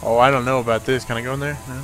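A man's voice: mid-range voice, little pitch movement, very fast, fairly bright tone, a little hiss or hum. A young man giving joking, sarcastic commentary while he plays a horror game. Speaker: gamer. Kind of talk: let's play commentary.

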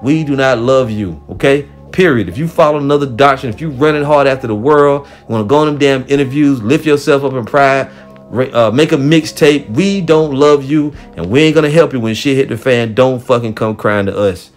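A man's voice: mid-range voice, a little fast, soft background music. A man teaching scripture in a heated, profane sermon, rebuking listeners angrily and swearing constantly. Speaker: religious teacher.

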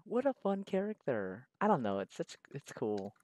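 A man's voice: mid-range voice, sing-song, normal speed, a little mellow, no room sound. A man chatting casually while he draws, rambling in a slangy, profane, laid-back way. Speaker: artist drawing on camera. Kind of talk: casual chat while drawing.

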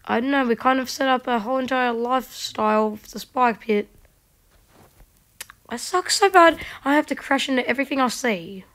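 A woman giving casual gameplay commentary, chatting to herself and mocking herself in quiet whispered asides. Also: sits high, moderate pace, pauses often. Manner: chatty, talks to herself while playing. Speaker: gaming video creator.

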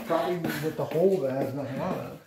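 A man in a playful home comedy sketch who complains in a mock-aggrieved, deadpan way. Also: a little high, normal speed, background noise. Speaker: comedy video creator.

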